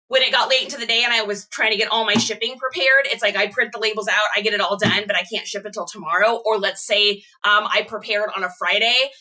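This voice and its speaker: A woman's voice: medium pitch, pushed and bright. A woman from Texas with a mild Texan accent, hosting a casual reseller livestream and chatting straight to her viewers in an upbeat way. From Austin, Texas.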